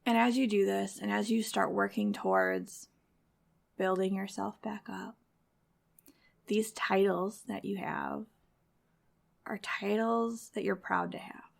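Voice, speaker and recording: A woman's voice: mid-range voice, steady tone, slow, creaky, long pauses. A woman hosting a podcast for mothers, giving a direct, encouraging motivational talk in a conversational way. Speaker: podcast host.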